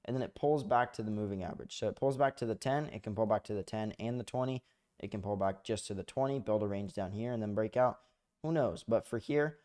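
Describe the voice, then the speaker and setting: A man's voice: fairly low pitch, a little mellow. A young man giving a loose, rambling trading lesson over his screen, swearing often and full of fillers, at a desk microphone. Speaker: trading educator. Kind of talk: casual screen-share lesson.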